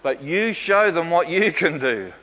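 A man's voice: a little high, animated, a little slow, sharp tone, pitched above the performer's own voice, heavily acted. A man voicing a proud, doting mother who eagerly urges her son on, in a sermon. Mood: coaxing. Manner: coaxing, eager. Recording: dull echoey hall with faint ambience.

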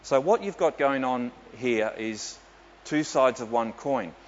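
A man's voice: medium pitch, expressive, slow, slight background noise. A man, a pastor telling stories with dry humour in a sermon. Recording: dull echoey hall with faint ambience.

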